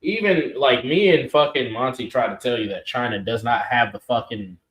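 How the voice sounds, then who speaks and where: A man's voice: mid-range voice, normal speed, fairly bright tone. Heated, profane man in an echoey room. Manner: profane, emphatic, argumentative. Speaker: co-host. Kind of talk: heated political reaction chat.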